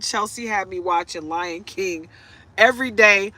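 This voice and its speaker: A woman's voice: medium pitch, a little slow, pushed and bright, no echo, poor audio. A woman tarot reader chatting to camera from inside a parked truck, telling stories, laughing often and now and then getting choked up. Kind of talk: casual chat to camera.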